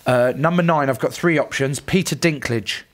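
A man's voice: mid-range voice, moderate pace, fairly bright tone. A man in his thirties, a rugby player guest, bantering bluntly and jokily on a podcast with plenty of swearing.

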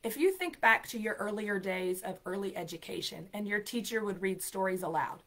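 A woman's voice: mid-range voice, expressive, moderate pace, few pauses, fairly bright tone. Upbeat chatty woman giving exam tips. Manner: upbeat, chatty, emphatic, filler-heavy. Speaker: ESL program coordinator and show host. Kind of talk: live-streamed exam tips talk.

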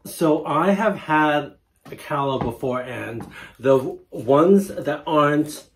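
A man's voice: fairly high pitch, lively intonation, takes it slowly, slight background noise. A man hosting a casual food chat, speaking hesitantly and often trailing off. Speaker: host.

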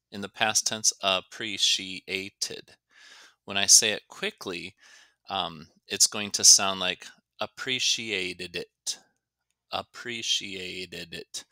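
The recording is dry, capturing a man's lowish voice with a sharp, clean tone as he teaches English. Slow and careful, he explains grammar and elongates words to demonstrate how they sound.

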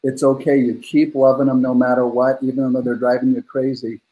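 A man's voice: mid-range voice, flat delivery, fairly quick, narrow, tinny audio. A man in his fifties, a guest coach on a podcast, telling a personal family story in a heartfelt, earnest way with frequent fillers. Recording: roomy echoey room.

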